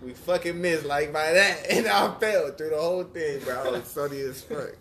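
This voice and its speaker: A man's voice: on the high side, moderate pace. A man co-hosting a family podcast, telling childhood stories in casual chat with lots of swearing and laughter. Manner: animated profane storyteller. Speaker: podcast co-host.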